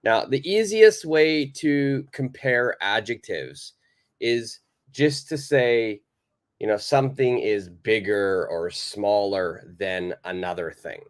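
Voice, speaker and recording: A man's voice: fairly low pitch, expressive, takes it slowly. A man teaching a live online English lesson, patiently repeating his questions to the viewers.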